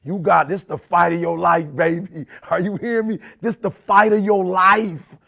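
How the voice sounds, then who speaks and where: A man giving a fired-up motivational talk in a preachy, slang-heavy style, repeating phrases and jumping from shouts to low intense murmurs. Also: fairly even intonation, moderate pace, gravelly. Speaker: motivational speaker.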